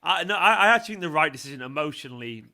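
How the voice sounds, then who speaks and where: A man hosting a live fan show, excitable and effusive, swearing freely in casual chat with callers. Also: a little high, racing.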